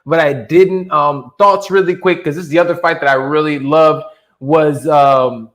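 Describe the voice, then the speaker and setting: Animated, profane man in an echoey room. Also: a little high, normal speed. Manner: animated, profane, laughs a lot. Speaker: podcast co-host. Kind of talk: casual fight recap chat. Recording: roomy echo.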